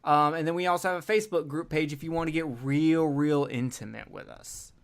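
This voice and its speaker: Guy hosting a podcast, kinda high voice, rambly and crude, jokes around a lot. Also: a little fast, noisy background. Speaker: podcast host. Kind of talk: casual chat.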